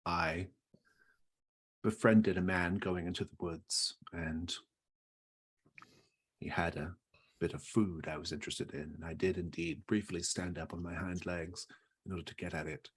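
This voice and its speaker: A man voicing a wary, proud female fox in a tabletop game, speaking in a calm, measured and faintly lofty way. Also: low voice, slightly rough. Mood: wry.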